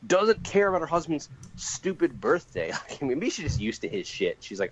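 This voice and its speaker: Male podcast co-host, chatty, expressive, lots of laughs. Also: fairly high pitch, a little fast, hardly any pauses, muffled recording, slight background noise. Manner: animated, laughs often, acts out quotes. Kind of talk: casual chat about comics.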